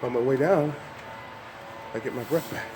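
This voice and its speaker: At normal speed and a medium pitch, an older man records a motivational vlog climbing stairs amid background noise. Slightly winded, he stays upbeat, urging viewers on directly.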